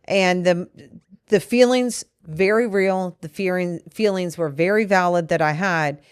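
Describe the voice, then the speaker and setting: A woman's voice: lowish voice, unhurried, smooth, no room sound, studio quality. A woman co-hosting a podcast, talking earnestly and at length with her partner about a disagreement. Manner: earnest, explaining at length with restarts. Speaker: podcast co-host. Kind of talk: candid couple conversation.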